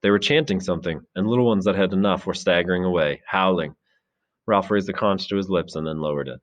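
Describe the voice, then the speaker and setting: A man narrating a novel aloud in a measured, dramatic storytelling manner. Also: deep voice. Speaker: teacher reading a novel aloud. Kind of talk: expressive audiobook narration.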